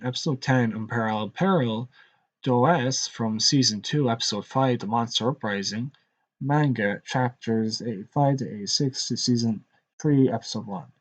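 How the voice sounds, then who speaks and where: A man with a rural Irish accent, rambling conversationally as he streams his commentary straight to his viewers. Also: medium pitch. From Ireland. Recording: dull lo-fi live stream audio.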